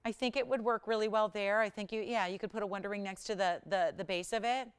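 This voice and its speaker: A woman hosting a live shopping channel, chatty and animated as she pitches jewelry and prices. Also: smooth. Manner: animated, chatty, sells with rapid price talk. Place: television studio.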